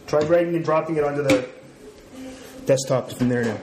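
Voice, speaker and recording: A man's voice: fairly high pitch, brisk, noisy background. A man co-hosting a casual podcast chat, explaining computer steps patiently and cracking dry jokes. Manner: dry joking, explains tech step by step. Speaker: podcast co-host. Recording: roomy echo.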